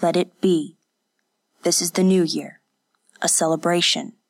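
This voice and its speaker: A woman voicing a stern male samurai in an audiobook, speaking in a measured, terse way. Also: low-pitched, steady tone, mellow.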